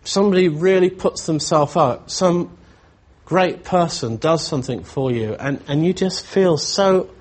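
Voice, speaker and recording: A man preaching a sermon in a reflective, searching way, often pausing and restarting his thoughts. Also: fairly high pitch.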